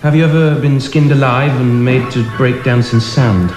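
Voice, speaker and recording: An actor playing a melodramatic, grandiose theatrical villain who declaims in a booming voice. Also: male voice, fairly even intonation, moderate pace, lightly acted. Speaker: hostage taker. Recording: echoey hall with music behind.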